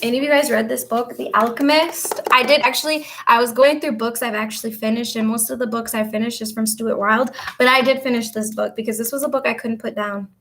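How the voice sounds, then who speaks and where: Woman vlogger, slightly high voice, loose casual chat, answers viewers while tidying up. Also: fairly even intonation, brisk, hardly any pauses, fairly bright tone, a little hiss or hum. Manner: chatty, rambling, answers viewer comments. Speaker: vlogger and spiritual coach.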